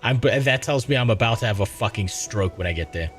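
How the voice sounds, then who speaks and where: A man's voice: lowish voice, animated, a little fast, fairly bright tone, soft background music. A man streaming a game live, commenting in a profane, exasperated way.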